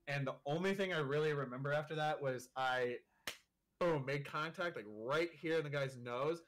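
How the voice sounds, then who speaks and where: A young man telling a story in casual chat, animated and full of swearing and filler words. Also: a little high, moderate pace, slight background noise. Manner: animated storyteller, swears a lot, leans on 'like'. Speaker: guest.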